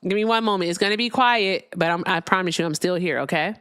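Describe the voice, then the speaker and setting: A woman's voice: lowish voice, fast talker, a bit bright, clean tone, dry recording, studio quality. A young woman hosting a casual livestream, chatting with her viewers while she fixes her sound. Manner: chatty, talks to viewers, fiddles with sound settings. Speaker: livestream host.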